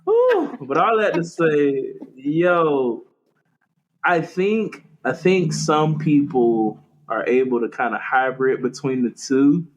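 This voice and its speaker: Co-hosting a faith podcast, this young man from Florida chats casually, spinning animated stories full of laughter and acted-out quotes. His medium-pitched voice moves slowly, and the sound is lo-fi.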